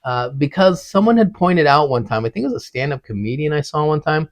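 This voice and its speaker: A man's voice: fairly high pitch, expressive, brisk. Rambling male podcast host. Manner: rambling, conversational, many fillers and asides. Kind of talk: casual solo podcast monologue.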